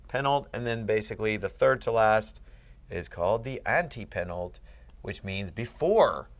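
A man's voice: on the low side, lively intonation, moderate pace. A man tutoring a student one-on-one, explaining step by step and often checking that he is followed. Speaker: Greek tutor. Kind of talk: one-on-one language lesson.

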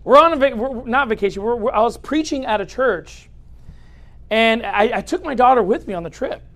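A man preaching a humorous sermon as a pastor in a church, speaking straight to the audience in a lively, joking way. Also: extremely high pitch, a little fast.

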